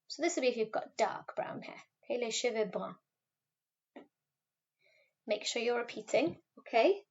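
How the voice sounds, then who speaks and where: A woman teacher giving a recorded French lesson, patiently modelling words slowly for pupils to repeat. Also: on the high side, animated. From Wales. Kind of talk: recorded classroom video lesson. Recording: slightly dull, lo-fi recording.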